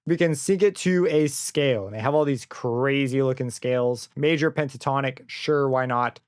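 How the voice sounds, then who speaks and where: A man's voice: mid-range voice, moderate pace. Casual man explaining a synth plugin. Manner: casual, thinking aloud with fillers and self-corrections. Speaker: plugin reviewer. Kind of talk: screen-recorded software tutorial. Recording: dry close mic with synth music under it.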